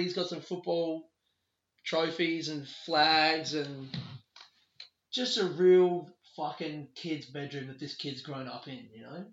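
A man with a bright, forceful, slightly high voice tells a rambling, sweary story for his solo podcast. He breaks into quick laughs. The recording is dull and lo-fi, with a roomy echo. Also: slight background noise. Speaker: podcast host. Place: a bedroom in a borrowed house. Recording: echoey room, dull lo-fi sound.

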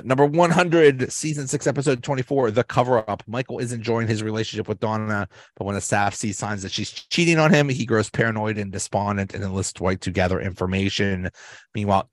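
A man's voice: lowish voice, no echo. A man hosting a podcast, casually recapping and ranking sitcom episodes, rambling with many restarts and small chuckles. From Pittsburgh area, US. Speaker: podcast host.

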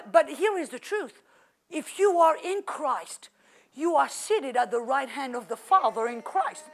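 High-voiced, animated woman preacher. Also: creaky. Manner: animated and exclamatory, many fillers. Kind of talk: sermon.

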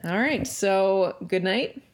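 A woman co-hosting a podcast in casual chat, easygoing and wry. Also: mid-range voice. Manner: easygoing, wry, quick to laugh along. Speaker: podcast co-host.

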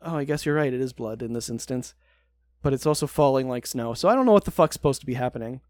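A man's voice: mid-range voice, lively intonation, fast talker, darkish tone, no room sound. A man co-hosting a podcast, recapping a TV show in casual, sarcastic chat and swearing freely.

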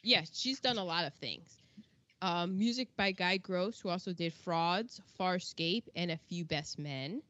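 Host, woman, slow and even delivery, dry dull lo-fi sound. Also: lowish voice, dry recording. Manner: reads credit lists in a steady, unhurried way. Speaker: podcast host. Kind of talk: casual movie chat and reading credits.

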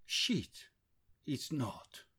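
A man's voice: very slow, sharp tone. A man voicing a casual, unbothered young man with an Indian accent that has an American twang. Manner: blunt, casual slang.

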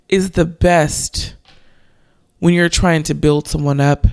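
A young woman hosting a devotional podcast, talking earnestly and encouragingly with slow emphasis. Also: low-pitched, steady tone, a little mellow. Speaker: podcast host.

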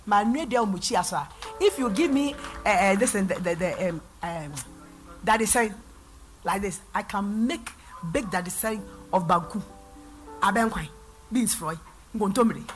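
A middle-aged woman pastor from Ghana with a Ghanaian accent, preaching a sermon in church and swinging between loud and soft. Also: medium pitch, moderate pace, soft background music.

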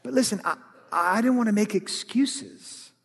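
A male pastor preaching a sermon, telling a personal story with lively, animated delivery that turns heated and loud in places. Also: high-pitched, a little slow, gravelly, husky, big-room sound.

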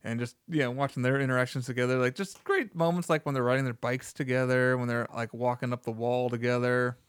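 A man talks through a film he enjoyed in an easygoing, chatty way, often quoting its lines. His voice is smooth and clear. The sound is dry and close. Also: medium pitch, quick pace, dry recording. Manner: relaxed, laughs often, quotes lines from the film. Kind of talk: casual film review chat.

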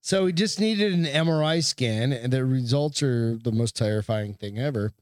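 A man's voice: mid-range voice, moderate pace, no room sound, studio quality. A man co-hosting a podcast in casual chat, laid-back and swearing freely as he tells stories. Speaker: podcast co-host.

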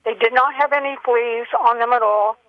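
An older woman calling in by telephone, telling a long personal story in an earnest, halting way with many fillers. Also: a little high, steady tone, dry recording. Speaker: caller. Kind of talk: phone-in call. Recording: dull telephone line.

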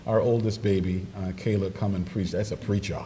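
A man preaching a sermon, animated storytelling that jumps into excited quoted voices. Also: sits low, brisk. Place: church sanctuary. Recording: distant microphone in a reverberant church hall with noise.

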